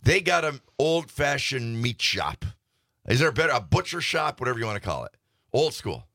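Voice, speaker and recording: A man's voice: mid-range voice, big pitch swings, normal speed, pushed and bright, dry recording, clean studio sound. A middle-aged man hosting a radio show, folksy and reminiscing as he talks to listeners. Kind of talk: casual chat.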